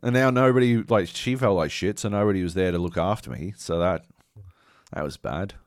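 A podcast co-host with a deep voice speaks a little quickly, still fighting a slight cough, in a dry, clean studio recording. His casual chat turns into a rambling, profane story full of dramatic quoted asides.

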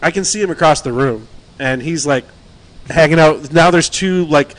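Man, casual storytelling, higher voice, animated, acts out quotes, laughs often. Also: moderate pace. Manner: swears casually. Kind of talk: casual chat.

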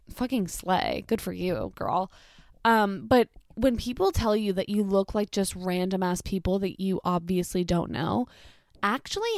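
A woman's voice: mid-range voice, creaky, a little mellow, no room sound, clean studio sound. A young woman chatting casually as she reads out embarrassing stories, blunt and incredulous, swearing freely. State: pregnant. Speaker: storytime creator. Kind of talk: casual chat reading stories aloud.

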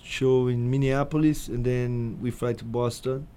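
Man from Brazil, warm dark tone, relaxed and easygoing talker. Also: mid-range voice, measured pace. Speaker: touring musician guest. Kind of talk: casual interview chat.

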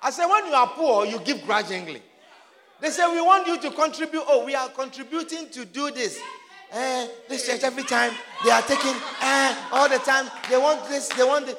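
A man preaching a sermon to his congregation, emphatic and often shouting, repeating his phrases for force. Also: very high-pitched, moderate pace, long reverb tail, crowd noise.

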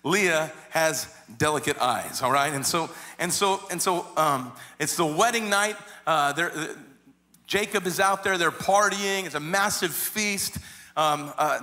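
A man preaching a sermon, retelling a story animatedly with many repeated words and restarts. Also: sits high. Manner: animated storyteller, acts out quoted voices. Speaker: pastor.

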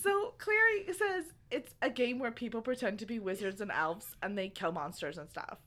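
A woman's voice: fairly high pitch, animated, normal speed, fairly bright tone. A woman co-hosting a casual podcast, recapping a book chapter in a chatty, giggly way. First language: Spanish not said; speaks Spanish at home. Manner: chatty storytelling recap, giggling between points. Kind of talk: casual chat.

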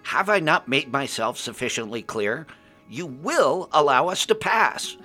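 A man voicing a stern, brisk female gnome engineer who speaks in a commanding, clipped way. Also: on the low side, big pitch swings, bright, forceful tone, faint music behind.

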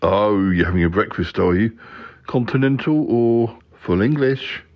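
A man voicing a gentle yeti uncle who frets over his nephew in a slow, doting way. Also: on the low side, lively intonation. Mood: delighted. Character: fussing, worried yeti uncle. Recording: dull lo-fi sound.

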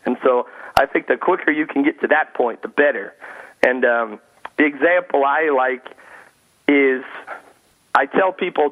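A man calling into a radio show as a guest, telling stories in an animated, chatty way. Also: mid-range voice, a little slow, long pauses. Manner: animated storyteller, frequent "you know" fillers. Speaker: guest speaker and comedian. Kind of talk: casual radio interview. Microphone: phone call-in. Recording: tinny phone line.

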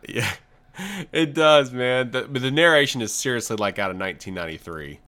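A man co-hosting a podcast in casual chat, excitable and jokey, laughing a lot. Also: mid-range voice, fairly quick, loud music behind the voice. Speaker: podcast co-host.

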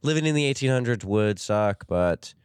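A man's voice: lowish voice, expressive, normal speed, a little mellow, clear, resonant tone, dry recording, studio quality. A man co-hosting a casual podcast, rambling and self-deprecating, now and then trying silly accents. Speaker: podcast co-host. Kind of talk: casual chat.

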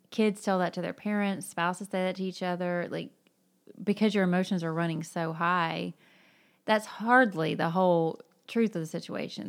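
Female co-host, lowish pitch, thoughtful explanatory chat. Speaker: book discussion co-host. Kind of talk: casual chat.

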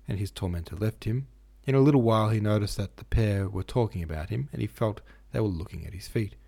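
A man reading a classic novel aloud as a podcast audiobook narrator, in a measured, steady way. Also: lowish voice, creaky, husky.

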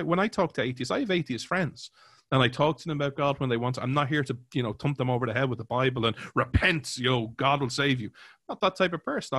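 A man's voice: mid-range voice, a bit bright, dry recording, studio quality. A man co-hosting a podcast, talking casually and animatedly, acting out quoted voices and using many fillers. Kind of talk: casual conversational commentary.

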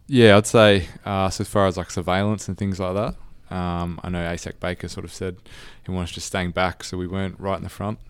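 Australian male officer, very deep and smooth, relaxed guest, dry sound. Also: a little fast, few pauses, dry recording. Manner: easygoing, laughs often. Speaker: visiting police officer. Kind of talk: casual interview.

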